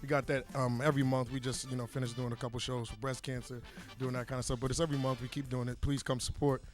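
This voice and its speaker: A male stand-up comedian on a club stage, telling animated stories straight to the crowd through a handheld mic. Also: mid-range voice, quick pace, faint music behind. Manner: boisterous, animated storytelling, direct to the crowd.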